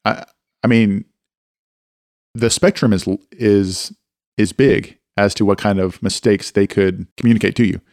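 A man speaks candidly and pokes fun at himself, with a fairly low voice. He tells stories from home in a plain, unhurried way. The sound is dry, right on the mic. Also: steady tone, a little mellow, dry recording. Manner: candid, self-deprecating, anecdotal. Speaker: co-host and father. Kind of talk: casual faith-based discussion.

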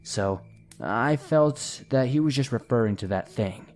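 A man narrates scary stories sent in by listeners, his voice dark and mellow. He slows right down and goes quiet at the eerie moments. Faint music plays underneath. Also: medium pitch, expressive. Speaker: horror story narrator.

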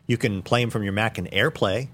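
A man on a tech podcast panel, explaining things step by step in a relaxed way and laughing easily. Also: lowish voice, fairly quick. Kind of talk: casual tech chat.

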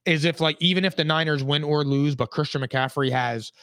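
Man, podcast co-host, casual sports chat, rambling, chatty, fairly high voice, dry close recording. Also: a little fast, fairly bright tone, clear, resonant tone, no room sound. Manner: chatty, rambling, easily laughing.

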